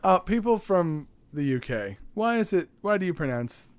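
A man riffing casually among friends, joking and laughing as he talks. His slightly high voice swings up and down a lot. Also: normal speed, clean tone, dry recording. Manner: joking, animated, laughs often. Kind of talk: casual banter.

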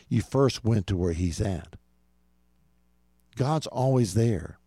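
A man with a low, warm voice preaching on a radio show. He speaks earnestly, climbs higher for emphasis and turns to his listeners with asides. The sound is close and dry. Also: animated, slow, breathy edge, dry recording. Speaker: pastor.

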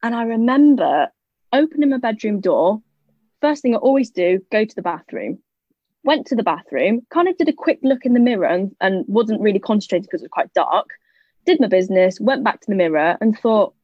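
A woman's voice: medium pitch, expressive, no echo. A young woman, talking as an interview guest. She tells her story in a chatty, rambling way, with plenty of "like" and "literally". The recording is dry and a little dull. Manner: chatty storytelling, quick asides, many "like" and "literally" fillers. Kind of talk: casual interview chat.

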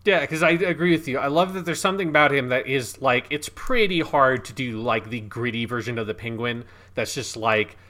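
A man co-hosting a film podcast, talking in a relaxed, chatty way with fillers and some swearing. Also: mid-range voice, fairly quick, hardly any pauses. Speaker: podcast co-host. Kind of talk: casual film discussion.

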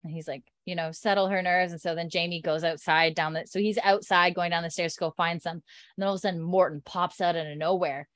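A woman's voice: on the low side, quick pace, no echo, clean studio sound. Chatty woman recapping a show. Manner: animated, laughs often. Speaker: podcast co-host. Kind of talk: casual chat retelling a TV episode.

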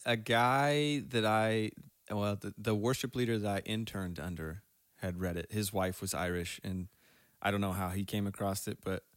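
Male co-host, lowish voice, relaxed sidekick energy, dry sound. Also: no echo. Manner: relaxed, agreeable, quick backchannels. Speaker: podcast co-host. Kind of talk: casual chat.

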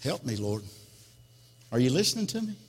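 A man's voice: mid-range voice, very animated, normal speed, breathy edge. A male pastor preaching a sermon, reading scripture verses and explaining them. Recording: long hall reverb.

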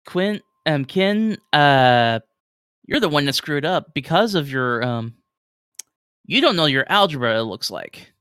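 A man's voice: on the high side, animated, a little slow, fairly bright tone, clean tone, dry recording, clean studio sound. A man voicing a level-headed female dragonborn navigator who speaks firmly and matter-of-factly.

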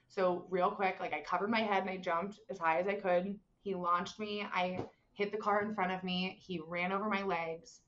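Young woman, casual animated storyteller with lots of "like"s, slightly muffled recording. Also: mid-range voice, normal speed. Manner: animated, many fillers, acts out voices in quotes. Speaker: guest telling a personal story.

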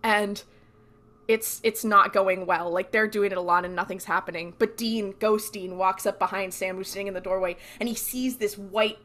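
A woman's voice: mid-range voice, moderate pace. A woman co-hosting a podcast, recapping a TV episode in casual chat and acting out the lines. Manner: animated storytelling, acts out quotes. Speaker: podcast co-host.

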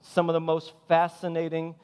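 A man's voice: fairly high pitch, completely flat delivery, moderate pace, a little mellow, smooth. A man preaching a sermon as pastor, impassioned and emphatic, driving points home with repeated phrases. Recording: long hall reverb.

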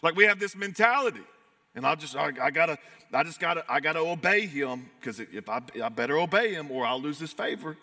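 A man's voice: fairly high pitch, lively intonation, pushed and bright, exaggerated voice. A preacher voicing an anxious, rule-bound male churchgoer who nags about obeying, praying and serving. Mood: nagging. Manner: nagging, scolding, rushed repetition.

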